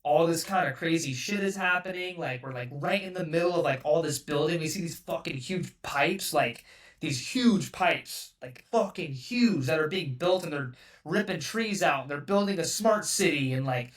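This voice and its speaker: A man's voice: fairly high pitch, moderate pace, a bit bright, recorded from a distance. A man from California telling a story as a podcast guest, loose and rambling, swearing often and filling every gap with "like". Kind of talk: casual storytelling.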